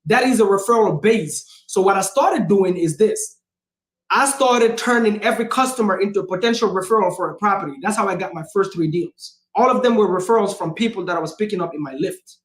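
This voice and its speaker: A man hosting a livestream as a real estate investor, speaking in a casual, energetic, emphatic way and repeating phrases for punch. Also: high-pitched, a little fast, reverberant. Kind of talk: casual motivational talk.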